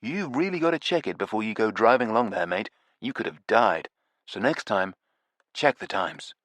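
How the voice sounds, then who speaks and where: A man voicing a brash, excitable male TV presenter who talks loudly and laughs at his own jokes. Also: medium pitch, normal speed, no echo, close to an everyday voice. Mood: mock serious. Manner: loud, pushy, slangy, laughs at own jokes. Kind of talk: audiobook character voice.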